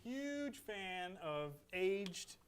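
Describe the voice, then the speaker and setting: High-voiced man, relaxed gear enthusiast. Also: extremely slow, clear, resonant tone. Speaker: bass player demoing instruments. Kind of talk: live product demo chat. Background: bass guitar playing.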